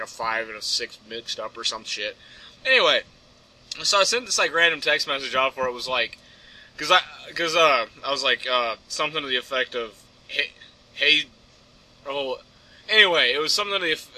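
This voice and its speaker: A man's voice: on the high side, bright, forceful tone. A young man co-hosting a podcast, telling rambling stories in casual chat, acting out text exchanges and laughing often. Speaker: podcast co-host.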